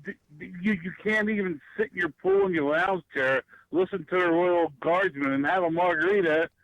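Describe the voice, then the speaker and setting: A man's voice: high-pitched, moderate pace, highs cut off. A man in casual radio chat, chiming in with jokes as co-host. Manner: joking, chiming in.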